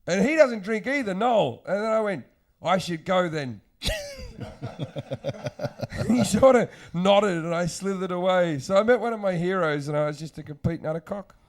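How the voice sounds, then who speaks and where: A man's voice: sits high, normal speed. A man, a comedian hosting a podcast, telling crude, rambling anecdotes in casual chat and acting out the quotes.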